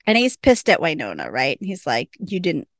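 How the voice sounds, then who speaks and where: A woman's voice: low-pitched, huge pitch swings, fairly quick, no echo, clean studio sound. A woman hosting a podcast, casually recapping a TV episode, laughing often and acting out the lines. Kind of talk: casual chat.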